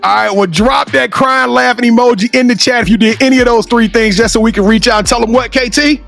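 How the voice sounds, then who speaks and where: A man from Louisiana hosts a sports talk show with a strikingly high, gravelly voice. He is loud and excitable, firing up the audience and often shouting. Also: fast, dry recording, soft background music. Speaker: podcast host. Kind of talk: hype talk-show hosting.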